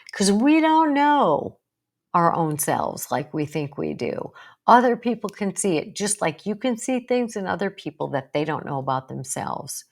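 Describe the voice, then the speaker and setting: Coaching woman with a low voice. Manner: warm coaching, acts out example lines. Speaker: psychologist teaching a video course. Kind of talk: instructional talk to camera.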